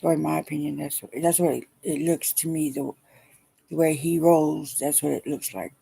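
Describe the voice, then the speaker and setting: A middle-aged woman speaking haltingly and wearily in a personal video diary, emotional as she talks. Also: deep voice, level tone, vocal fry, dark tone, breathy edge. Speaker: vlogger.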